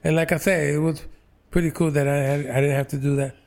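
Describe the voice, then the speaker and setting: A man in his sixties from New York's Lower East Side, an actor telling stories in an interview, slow and halting with many fillers. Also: little pitch movement, vocal fry, darkish tone. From New York, Lower East Side. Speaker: actor, guest. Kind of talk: relaxed interview storytelling.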